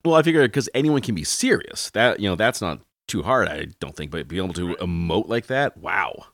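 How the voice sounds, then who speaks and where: A man's voice: sits low, expressive, brisk, a bit bright, no echo. A man hosting an interview podcast, asking curious, enthusiastic questions in a casual way. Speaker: podcast host.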